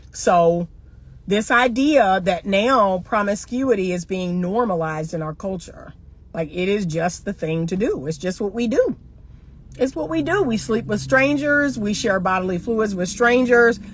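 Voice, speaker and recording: A middle-aged woman speaks straight to her viewers as a relationship coach, in a blunt monologue. She lectures emphatically and drives her points home by asking the same pointed question again and again. Her voice sits at an ordinary pitch for a woman. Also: breathy edge. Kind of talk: opinionated monologue to camera.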